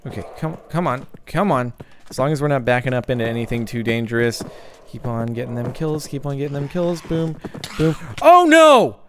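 A young man giving jokey, excitable let's-play commentary, breaking into yelps and sing-song chants. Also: mid-range voice, brisk, slight background noise. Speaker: gaming YouTuber.

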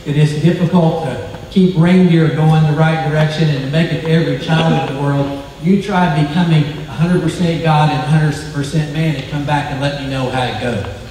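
A man delivers a sermon in a high-pitched voice, swelling on key phrases and dropping low at the ends. He stumbles over a word now and then. The sound comes from far off in a booming, reverberant hall. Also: steady tone, moderate pace, darkish tone, slight background noise. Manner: preaching with emphatic rises and drops, stumbles over words. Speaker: pastor.

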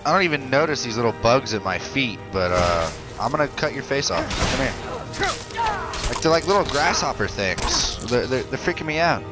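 A young man giving casual, excitable commentary over his gameplay. He swears freely and talks back to the characters on screen. Faint game music sits under his voice. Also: medium pitch, moderate pace. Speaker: gaming channel host.

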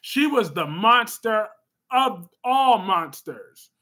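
A sassy male livestream host with a high, bright voice. He talks slowly and emphatically as he reads out viewer comments and answers them, breaking into sudden loud bursts. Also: expressive. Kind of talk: casual livestream chat.

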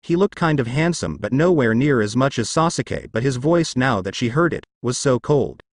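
A man's voice: medium pitch, animated, moderate pace, no echo, clean studio sound. A young man reading fan fiction aloud as narrator, telling the story expressively.

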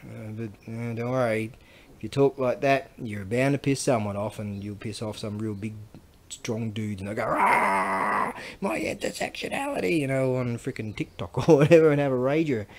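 A man's voice: mid-range voice, normal speed, darkish tone. A man rambling casually to the camera while working with tools, crude and joking, with mumbled asides. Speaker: vlogger selling Japanese goods.

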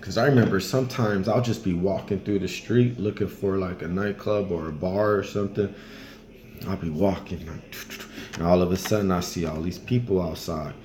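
A man casually telling travel stories in a loose, colloquial way, now and then acting out other people in high voices. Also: fairly even intonation, normal speed, darkish tone. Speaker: travel storyteller. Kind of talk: casual storytelling.

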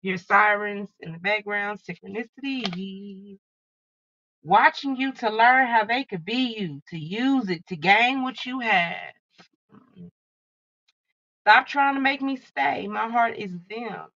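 Bright, profane tarot-reading woman. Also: mid-range voice, unhurried, dry recording, highs cut off. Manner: blunt, profane, fired-up channeling. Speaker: tarot card reader. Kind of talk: casual tarot reading to viewers.

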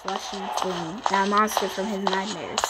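A young woman commenting as she plays a horror game, jumpy and swearing, with sudden high shrieks when startled. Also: fairly even intonation, normal speed. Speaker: gamer playing a horror game. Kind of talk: let's play commentary. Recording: loud background noise, mic clicks.

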